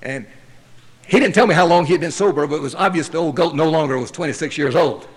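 A man's voice: fairly high pitch, quick pace, breathy edge. Wry man telling his recovery story. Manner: wry, self-mocking storytelling. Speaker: speaker sharing his story at a recovery meeting. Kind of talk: personal recovery testimony.

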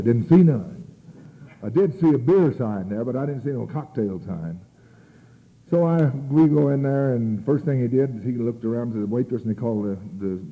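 A man telling his story at a recovery meeting in a rambling, colloquial, self-mocking way. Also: mid-range voice. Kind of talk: storytelling talk. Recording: tinny, phone-like old tape.

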